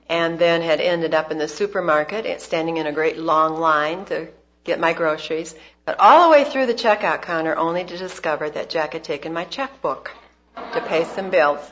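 A woman speaking at a church gathering, telling a personal story in a devotional talk, shifting between emphatic bursts and soft asides. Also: on the low side. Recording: dull lo-fi recording.

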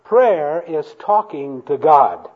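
A male pastor delivers a sermon in a slow, deliberate way, leaning on key words. His voice swings widely in pitch and sits a little high. The recording is dull and lo-fi, made in a church before the congregation. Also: lively intonation. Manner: slow, emphatic, has congregation repeat lines aloud.

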